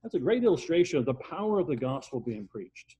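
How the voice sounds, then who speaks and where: An older man preaching a sermon and telling a story, with emphatic repetition, swinging from loud passages to hushed ones. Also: mid-range voice, very animated, a little fast, highs cut off.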